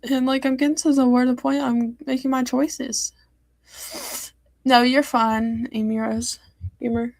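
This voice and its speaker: Teen girl streamer venting in a hurt ramble; slightly high voice with vocal fry. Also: little pitch movement, a little slow, pauses often, dry recording. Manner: hurt, rambling, many fillers and restarts. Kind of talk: upset personal livestream talk.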